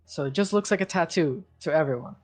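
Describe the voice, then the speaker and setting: A man narrating as game master for a tabletop role-playing game, loose and full of fillers. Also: on the high side. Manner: slow, loose narration with many fillers and restarts.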